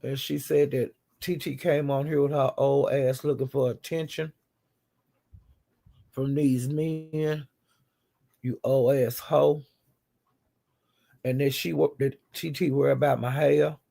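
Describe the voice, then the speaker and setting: A man's voice: mid-range voice, flat delivery, a little slow, vocal fry, warm tone. A man hosting a casual chat, bluntly retelling online drama in a chatty, gossiping way. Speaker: host recapping livestream drama.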